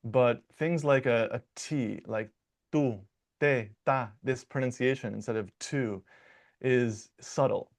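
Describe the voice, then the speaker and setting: Male dialect coach from Michigan, mid pitch, explanatory and conversational, often restarts his words. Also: unhurried. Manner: explanatory, with frequent repetitions and restarts. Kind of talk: conversational interview answers.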